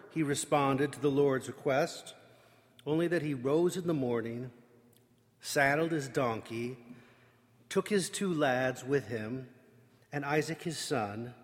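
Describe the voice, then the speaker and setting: Wry male preacher, slightly higher voice, conversational sermon with asides, long hall reverb. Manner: wry, self-interrupting, conversational.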